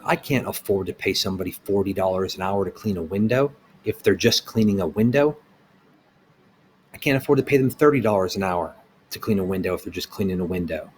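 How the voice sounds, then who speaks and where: A man's voice: fairly low pitch, a little hiss or hum. A middle-aged man who owns a small business, delivering a blunt, heated opinion rant with rhetorical questions.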